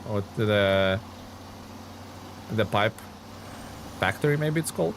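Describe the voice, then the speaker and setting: Male streamer, young adult, relaxed chatty play-by-play with faint background noise. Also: on the low side, slow pace. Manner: chatty, reads chat aloud and answers viewers. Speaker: game streamer. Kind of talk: casual live-stream commentary.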